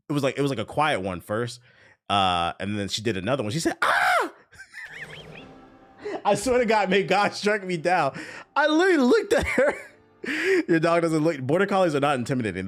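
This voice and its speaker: Animated, lively-voiced gaming streamer man. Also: mid-range voice. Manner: animated, laughing, swearing. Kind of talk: casual storytelling while gaming.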